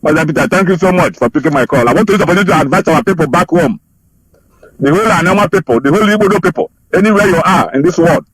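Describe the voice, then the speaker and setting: Man, radio caller, rapid urgent speech, fairly high voice, dry close sound. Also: husky, dry recording, poor audio. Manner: fervent, urgent, repetitive. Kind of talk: phoned-in radio appeal.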